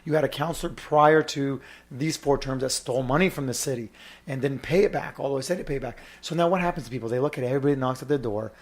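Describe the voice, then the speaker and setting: A man's voice: mid-range voice, fast. A man hosting a podcast and arguing politics with emphatic, campaign-speech passion. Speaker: podcast host. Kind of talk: heated political discussion.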